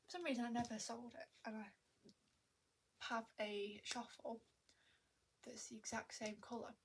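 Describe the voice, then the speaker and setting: A woman's voice: fairly high pitch, fairly even intonation, normal speed, creaky, a little hiss or hum. A young woman vlogging at home into a tablet camera, chatty and self-mocking, a little out of breath and often half-whispering. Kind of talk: rambling casual chat to camera. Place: at home indoors.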